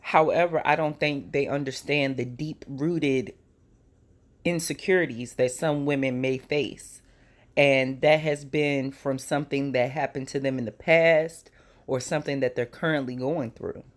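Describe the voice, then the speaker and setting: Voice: medium pitch, fairly even intonation, unhurried. Earnest commentary host, medium voice. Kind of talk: commentary on news clips.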